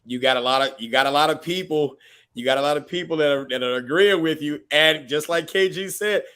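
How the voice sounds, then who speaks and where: Affirming male host, bright voice. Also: a little high, fairly quick, clear, resonant tone. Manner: affirming, wraps up the show. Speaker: show host. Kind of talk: casual panel discussion.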